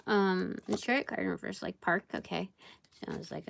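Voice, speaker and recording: A woman's voice: on the low side, expressive, a little fast, vocal fry, a little hiss or hum. A woman giving a casual live tarot reading, rambling and thinking aloud with many fillers. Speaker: tarot reader.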